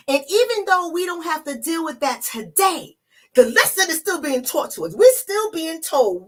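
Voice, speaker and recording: A woman's voice: extremely high pitch, sing-song, normal speed. A woman from the Bronx, a relationship coach, talking emphatically to her viewers in an emotional vlog. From the Bronx, New York. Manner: emphatic, talks straight to viewers as y'all.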